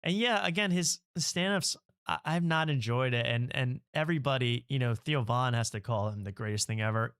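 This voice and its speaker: A man's voice: mid-range voice, a little fast, few pauses, fairly bright tone, smooth. A man hosting a comedy talk show, chatting casually, mocking and laughing often. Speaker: host.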